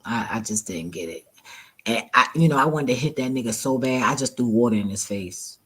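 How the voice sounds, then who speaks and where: A woman's voice: a bass voice, fairly quick, breathy edge. A woman vlogger casually retelling a story to her viewers, profane and exasperated, often laughing.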